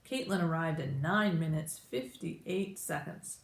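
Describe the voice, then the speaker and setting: A woman teacher reading a children's storybook aloud with animated, expressive narration. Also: deep voice, unhurried, creaky, slight background noise. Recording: roomy echo.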